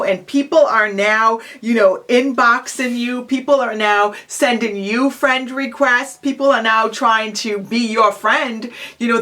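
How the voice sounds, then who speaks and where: A woman's voice: mid-range voice, sharp tone. A woman giving a self-help video lecture on psychology, talking straight to the listener in a direct, encouraging way and asking rhetorical questions. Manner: rhetorical questions, frequent "um" and "you know". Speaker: psychology professor giving advice.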